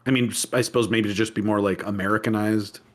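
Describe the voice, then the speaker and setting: A man co-hosting a podcast in casual chat, reacting in an animated way, laughing easily and swearing freely. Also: fairly low pitch, fast talker. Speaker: podcast co-host.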